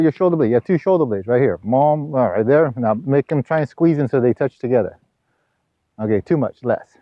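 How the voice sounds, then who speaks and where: On a tennis court, a man with a fairly high voice coaches his student with direct instructions, frequently checking in with "all right?" and "okay?" and teasing now and then. The hands-on session was captured as dull, lo-fi camera audio with no echo.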